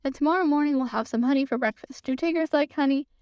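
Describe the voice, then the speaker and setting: A woman voicing a simple, kindly young male bear in a storybook reading, speaking gently and unhurried. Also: sits high, no room sound, studio quality, close to an everyday voice. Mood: gentle.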